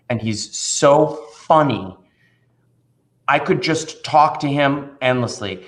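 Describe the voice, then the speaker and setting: Man, magician, storyteller, animated, acts out voices, medium pitch, video call. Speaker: magician and children's performer. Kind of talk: casual interview conversation.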